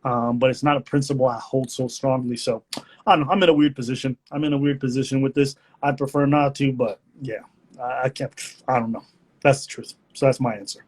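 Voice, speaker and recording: A man's voice: medium pitch, fairly even intonation, brisk, slightly rough. A man hosting a live stream, talking in a candid, rambling, joking way. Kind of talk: casual live-stream chat.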